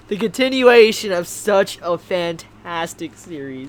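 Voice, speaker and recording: A man vlogging casually as he unboxes gifts, excitable, stammering and repeating himself, at times shouting. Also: a little high, moderate pace, a little hiss or hum. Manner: excitable, swings to shouting and squealing. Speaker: anime vlogger.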